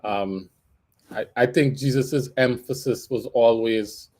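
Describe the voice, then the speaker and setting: A man's voice: mid-range voice, slow pace, a little mellow. A man guiding a casual Bible-study conversation. He lays out his thinking step by step and laughs lightly now and then. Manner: thoughtful, explaining, laughs lightly. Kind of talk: casual faith discussion.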